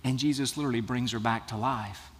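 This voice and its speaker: A man's voice: mid-range voice, steady tone, fast talker. A man preaching a sermon, reading a scripture passage and then explaining it earnestly, often restarting and repeating words as he goes. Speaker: pastor. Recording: long hall reverb.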